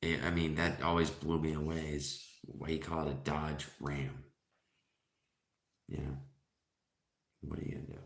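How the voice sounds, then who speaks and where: A man's voice: extremely low pitch, level tone, moderate pace, gravelly, pauses often. A man in his forties hosting a casual livestream, joking and chatting with viewers. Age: 40s. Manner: joking, chatty, reading chat aloud. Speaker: livestream host. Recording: roomy echo.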